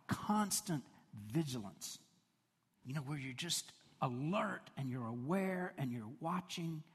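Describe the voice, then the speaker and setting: A man's voice: on the high side, slightly rough. A middle-aged man preaching a sermon, telling stories in a chatty, conversational way and laughing along. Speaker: pastor. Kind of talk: sermon with personal storytelling. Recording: long hall reverb.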